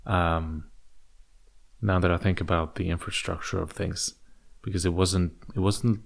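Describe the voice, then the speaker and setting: A man's voice: low-pitched, fairly even intonation, measured pace, creaky. A young man hosting a solo podcast, rambling in a put-on British accent, with many fillers and restarts. English is not his first language. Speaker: podcast host.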